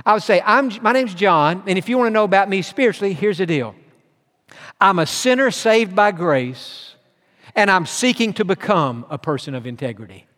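Earnest guy preaching, kinda high voice, long echo tail like a big hall. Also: animated, normal speed, a bit bright. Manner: earnest preaching, reads scripture aloud, rising emphasis. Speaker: pastor. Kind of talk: sermon.

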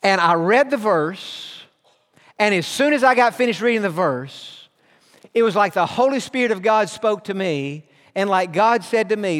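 A man preaches in an earnest, storytelling way, drawing out the words of scripture for weight. His voice sits high for a man. It rings with the long reverb of a church hall. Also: lively intonation, normal speed, a bit bright. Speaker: pastor. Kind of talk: sermon.

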